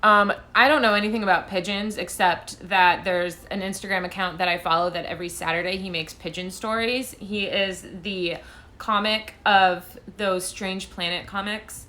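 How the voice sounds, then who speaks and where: A woman's voice: fairly low pitch, sharp tone. A woman tarot reader chatting casually on a phone live stream, rambling and self-deprecating as she answers viewer questions. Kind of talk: casual livestream chat.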